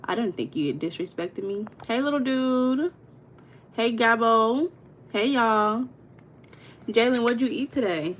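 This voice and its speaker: A young woman hosting a casual livestream, chatting with viewers, greeting them by name and telling stories with lively emphasis. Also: on the high side, slow, long pauses, a little hiss or hum. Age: young adult. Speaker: livestream host.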